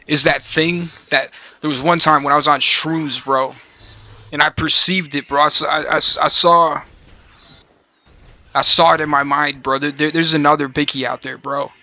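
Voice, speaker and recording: A man chatting casually on a stream, rambling in slangy, profane talk and calling the listener bro. His voice is a little hoarse from smoking. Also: a little high, flat delivery, normal speed, bright, forceful tone.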